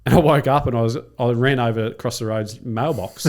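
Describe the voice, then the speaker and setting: An Australian man in his thirties talks at a quick clip as a podcast guest, mid-pitched and unhurried by nothing. He tells stories casually, with plenty of swearing and laughter. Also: darkish tone. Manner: swears freely, laughs while telling stories. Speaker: podcast guest, triathlete and coach. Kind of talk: casual storytelling.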